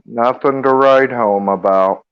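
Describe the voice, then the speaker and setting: A man's voice: medium pitch, a little slow, clean tone, dull audio. A man joining a livestream as a guest, talking casually and in a laid-back way. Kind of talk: casual chat.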